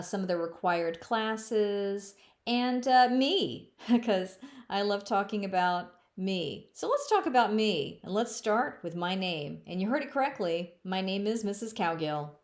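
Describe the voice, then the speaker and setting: A middle-aged woman school counselor giving a playful, jokey recorded presentation to fifth graders, speaking slowly and clearly. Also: medium pitch.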